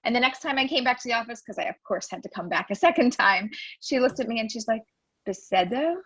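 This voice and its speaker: A woman in her forties chatting in an interview, telling animated stories and acting out quotes. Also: fairly high pitch, fast talker, breathy edge, no echo. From United States. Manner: animated storyteller, acts out quotes. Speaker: guest, new immigrant. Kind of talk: casual interview chat. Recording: dull dry lo-fi sound.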